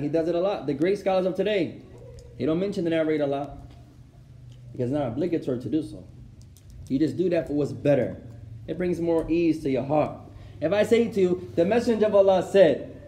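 A man's voice: sits high, warm tone. A man teaching an Islamic studies class, asking rhetorical questions and mixing Arabic phrases into his English. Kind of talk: classroom lesson. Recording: echoey room, faint ambience.

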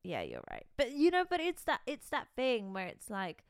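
A young woman co-hosting a casual podcast, telling stories in an animated, giggly way with lots of fillers. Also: on the high side, moderate pace, clear, resonant tone, no room sound, clean studio sound. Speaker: podcast co-host. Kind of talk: casual chat.

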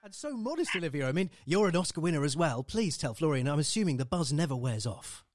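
A man's voice: on the high side, fast talker, a little mellow, dry recording. A man hosting a podcast, chatting with guests and introducing clips in an enthusiastic, effusive way. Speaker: podcast host. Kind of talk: casual chat and spoken links between clips.

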